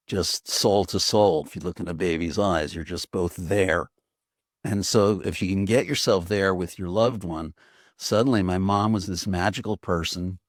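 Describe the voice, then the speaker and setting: A man's voice: low voice, no room sound, clean studio sound. An older man, an author guest, telling a story in an earnest, reflective way, with frequent restarts. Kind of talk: reflective conversation.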